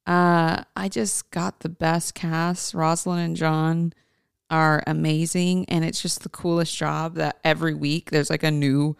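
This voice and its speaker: A woman hosts a podcast at an unhurried, easygoing pace, her lowish voice edged with a gravelly fry. She keeps it chatty and informal, speaking straight to her listeners. The sound is close and dry, with a smooth, resonant tone. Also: flat delivery, no echo. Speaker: podcast host. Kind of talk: casual podcast chat.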